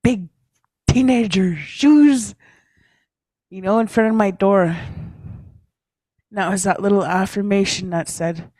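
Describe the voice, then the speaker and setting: Self-mocking woman, storytelling talk, unhurried with a mid-range pitch. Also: warm tone, dry recording. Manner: chatty, self-mocking, laughs often, tags lines with "eh?". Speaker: speaker at a leaders' caucus.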